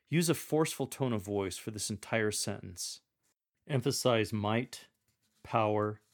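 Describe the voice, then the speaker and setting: A man coaching a lector on reading scripture aloud, speaking in a deliberate, instructive way and performing sample readings. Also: fairly low pitch.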